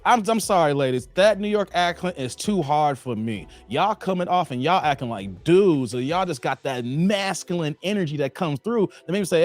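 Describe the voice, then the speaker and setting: Animated man lecturing his viewers. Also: a little high, brisk, hardly any pauses. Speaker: reaction video host. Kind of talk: casual commentary.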